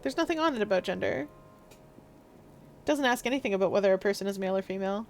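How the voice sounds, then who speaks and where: A woman reading the lines of a polite young gentleman investigator in a measured, formal way. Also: mid-range voice, animated, soft background music, lightly acted. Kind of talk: reading a text game aloud.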